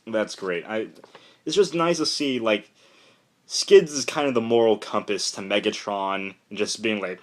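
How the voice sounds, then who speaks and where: A man's voice: lowish voice, a little slow. Rambling young man reviewing comics. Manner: rambling, excitable retelling with fillers. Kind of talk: casual spoken review.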